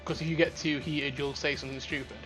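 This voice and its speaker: Over faint background music, a young man hosting a casual podcast chat speaks fast in a slightly high voice. His storytelling is animated and rambling, peppered with plenty of swearing.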